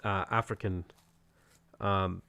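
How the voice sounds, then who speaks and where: A man's voice: deep voice, little pitch movement, takes it slowly, vocal fry, sharp tone. A man streaming a strategy game, chatting casually and answering viewers' questions. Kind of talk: casual gameplay commentary.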